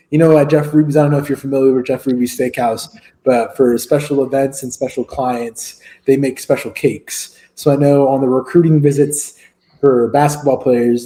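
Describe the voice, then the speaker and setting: A man's voice: mid-range voice, mellow. A man co-hosting a sports podcast in casual chat, joking and rambling with fillers. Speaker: podcast co-host.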